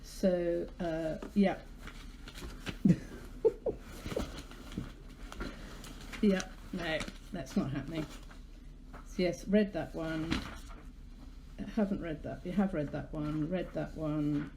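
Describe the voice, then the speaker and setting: A woman's voice: deep voice, slow pace, noisy background. A British woman hosting a live poetry stream, chatting in a rambling, self-deprecating way and reading her own poems.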